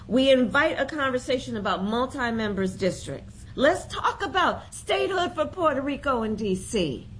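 A woman's voice: high-pitched, a little hiss or hum, poor audio. A woman making an emphatic public speech as a politician, in a played clip. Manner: emphatic, rallying.

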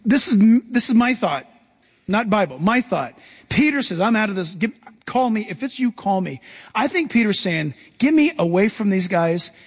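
A man preaching a sermon, reading scripture and acting out the people in it with lively swings of voice. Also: moderate pace, husky, long reverb tail. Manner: animated preacher, acts out Bible voices with big pitch jumps. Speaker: pastor.

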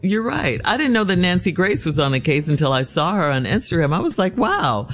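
A man's voice: high voice, lively intonation, fast, faint music behind. A man hosting a panel talk show, reading a sponsor spot and then chatting casually with his co-hosts. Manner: reads a sponsor spot then chats loosely.

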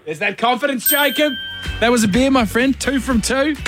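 A man's voice: very high-pitched, normal speed, soft background music. A man with an Australian accent hosting a radio quiz segment, teasing and playful in his banter with callers. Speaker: radio host. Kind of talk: jokey game-show banter.

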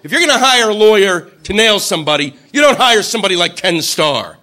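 A man's voice: sits high, lively intonation, brisk, pushed and bright. Brash, ranting stand-up comedian man. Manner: brash, profane, ranting with acted quotes.

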